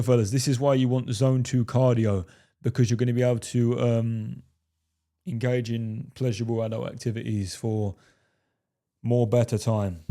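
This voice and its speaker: A man with a warm, mellow tone and mid-range pitch talks straight to camera like a bold dating coach. He is cocky and profane, and keeps calling his listeners "fellas". Now and then he jokingly refers to himself in the third person. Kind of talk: casual talking-head advice.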